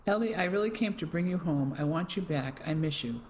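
A reader voicing a clipped older English gentleman. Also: medium pitch, expressive, brisk, slight background noise, natural voice. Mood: pleading. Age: 60s. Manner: clipped, stiff.

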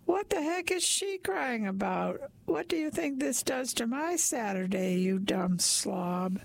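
A woman's voice: fairly high pitch, a little slow, creaky, slightly rough, heavily acted. A woman reading aloud, voicing a huge red-bearded man who is rude and scornful in a laundromat story. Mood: angry. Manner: insulting, scornful.

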